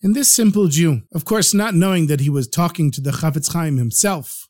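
A man narrating stories for a podcast in a lively, animated way. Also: a little high, normal speed, few pauses. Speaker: storyteller.

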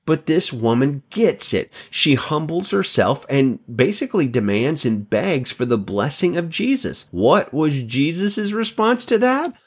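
A man's voice: fairly high pitch, big pitch swings, measured pace, few pauses, breathy edge. A man giving a devotional Bible talk as a teacher, emphatic and stretching key words.

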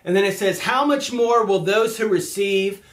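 Male preacher, high voice, casual sermon, excitable, roomy echo. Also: moderate pace. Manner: excitable, animated, laughs often.

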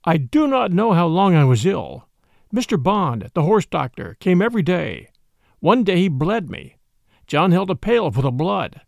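A man narrates a classic novel in a measured storytelling style. His voice sits high with lively pitch movement and a gravelly texture, recorded dry and close. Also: no echo. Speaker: podcast reader. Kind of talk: scripted audiobook narration.

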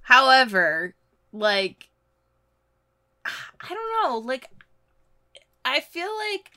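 A woman co-host talks slowly and thinks aloud, with lots of fillers and a giggly, easygoing manner. Her bright voice moves a lot in pitch. The sound is dry and close. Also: sing-song, no echo. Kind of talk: casual brainstorming chat.

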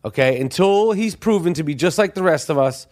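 A man's voice: fairly high pitch, lively intonation, brisk, a little mellow. A middle-aged man from New York who hosts a podcast, ranting about sports in a profane, worked-up comic way. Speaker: podcast host. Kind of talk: comedic sports rant.

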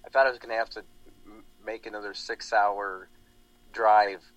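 A man's voice: fairly low pitch, steady tone, normal speed, low-quality recording. A man hosting a talk show, rambling animatedly with lots of restarts in casual political chat. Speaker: radio show host.

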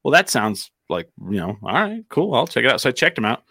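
A man's voice: mid-range voice, big pitch swings, a little fast, sharp tone. A man from New Mexico telling a long story in casual chat, rambling with fillers and acting out quotes.

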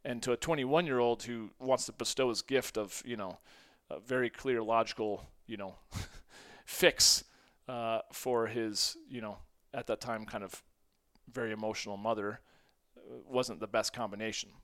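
A man's voice: mid-range voice, fairly even intonation, moderate pace, fairly bright tone. A man in his forties talks through a solo podcast episode in a loose, conversational way. He is self-deprecating and breaks into short laughs between phrases. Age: 40s. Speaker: podcast host. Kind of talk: casual solo podcast monologue.

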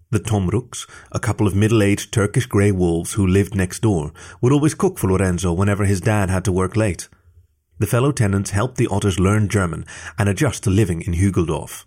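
A man with a fairly low voice narrating a story. He reads at a calm, even pace, steady and unhurried.

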